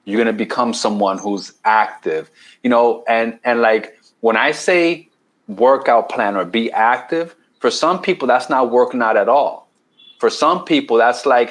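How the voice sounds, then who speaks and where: The recording is low-quality, but this New York man's mid-range voice comes through unhurried with a fairly bright tone. A keto challenge coach and podcast guest, he explains at length in casual conversation, repeating words and saying "right?" a lot.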